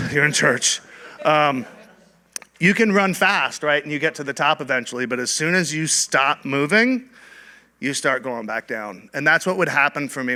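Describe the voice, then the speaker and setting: A man's voice: medium pitch, bright, forceful tone. A man, a church leader, telling his personal testimony to a church group in a candid, conversational way with frequent ums and restarts.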